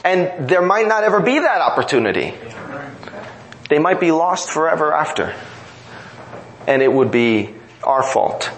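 A man's voice: on the high side, big pitch swings, a little slow, pauses often, a little hiss or hum, poor audio. Earnest preaching man, repeating his points. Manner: earnest, repetitive emphatic preaching. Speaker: pastor. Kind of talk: sermon.

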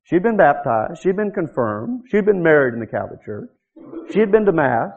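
A male preacher with a high voice that swoops up and down as he tells his stories. He delivers a sermon and acts out the people in it. The recording sounds muffled and lo-fi. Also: moderate pace. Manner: animated storytelling, acting out quoted voices.

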